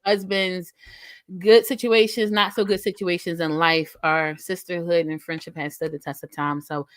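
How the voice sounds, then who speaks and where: A woman's voice: lowish voice, fairly even intonation, normal speed, dry recording. A woman in her thirties hosting a casual chat, heartfelt and emotional, rambling with repeated words. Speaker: host.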